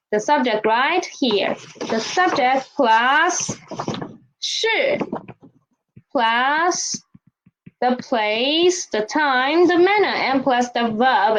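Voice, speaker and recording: A woman's voice: on the high side, a little hiss or hum. A woman teaches a language lesson patiently, repeating key phrases and checking in with "okay?". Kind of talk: slow explanatory lesson. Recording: dull lo-fi recording.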